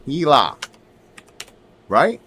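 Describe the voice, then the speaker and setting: A man's voice: mid-range voice, wildly swooping pitch, drawn-out words, sharp tone, a little hiss or hum. A man giving casual commentary while showing his screen; he talks emphatically, swears now and then, and keeps checking in with his viewers. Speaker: video creator.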